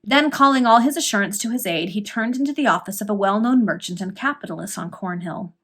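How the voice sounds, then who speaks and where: A woman's voice: medium pitch, fast talker, fairly bright tone, husky. Woman reading a Victorian serial aloud. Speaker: reader.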